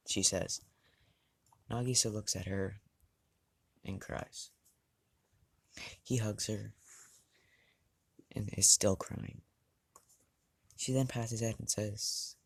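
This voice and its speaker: A man casually narrating a fan-made story, halting and rambling with restarts and asides. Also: fairly low pitch, fairly even intonation, slight background noise.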